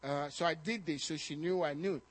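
This man preaches with a voice on the high side and a slightly fast delivery. He shares personal stories with animation, repeating words frequently as his fervor climbs.

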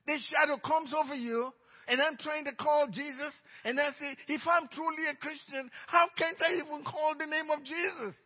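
A middle-aged man with a Nigerian accent preaching a sermon as pastor, telling stories emphatically and swinging between loud outbursts and hushed asides. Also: extremely high pitch. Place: church sanctuary. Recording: dull reverberant church recording.

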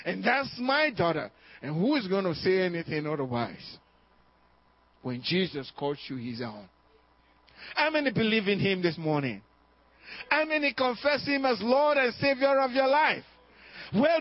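A man with a very high voice preaches a sermon, driving each point home through repetition and rhetorical questions. He keeps calling out "amen?" to the congregation. The recording sounds dull and lo-fi. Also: dry recording. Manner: emphatic preaching with repetition and call-and-response "amen?". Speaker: pastor. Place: church service.

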